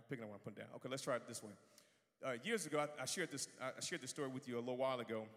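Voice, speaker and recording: A man preaching a sermon in a church, swinging from quiet asides to shouting. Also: medium pitch, rapid-fire, long reverb tail. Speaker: pastor.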